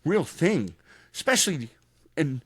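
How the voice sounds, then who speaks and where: A man in his fifties with a Boston accent, co-hosting a podcast and telling a rough story in salty, animated casual chat. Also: fairly high pitch, unhurried. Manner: profane, animated storyteller, frequent restarts. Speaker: podcast co-host.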